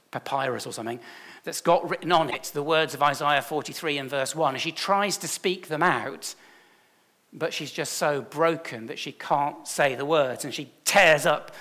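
A man's voice: fairly high pitch, sharp tone. A man, a church leader giving a chatty, self-deprecating sermon full of stories.

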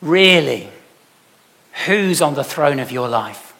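A man preaching a sermon emphatically, putting rhetorical questions to his congregation and swinging from loud to soft. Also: fairly high pitch, animated, takes it slowly, creaky. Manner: emphatic, with dramatic swings in loudness. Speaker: pastor.

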